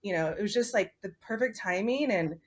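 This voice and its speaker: A woman's voice: mid-range voice, expressive, a little fast. A woman who is a hotel owner, a guest in an interview, telling a story animatedly and acting out quoted dialogue.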